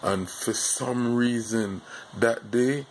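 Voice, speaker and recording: Slow, gravelly Jamaican man rambling. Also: mid-range voice, slight background noise, low-quality recording. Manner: rambling, halting delivery full of "you know" fillers. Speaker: storyteller. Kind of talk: casual storytime monologue.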